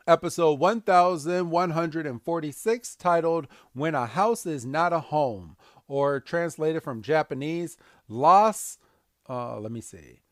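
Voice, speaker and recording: A man's voice: on the high side, dry recording, clean studio sound. A man hosting a podcast, recapping a cartoon episode casually and acting out scenes. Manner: animated, acts out scenes. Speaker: podcast host.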